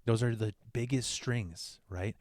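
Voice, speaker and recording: A man's voice: mid-range voice, unhurried, a little mellow, dry recording. A man hosting a podcast, talking in a blunt, profane comic monologue. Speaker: podcast host. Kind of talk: casual comedic monologue.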